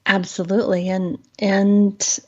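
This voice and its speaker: A woman's voice: medium pitch, slow, dull audio. A woman guest in a casual podcast conversation, telling stories with feeling and acting out what other people said. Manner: animated storyteller acting out quoted voices.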